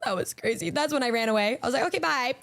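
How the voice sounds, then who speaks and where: A young woman streaming as a VTuber, telling stories to her chat in a casual, animated way with frequent swearing and stammered restarts. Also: fairly high pitch, fast, gravelly, no echo, clean studio sound.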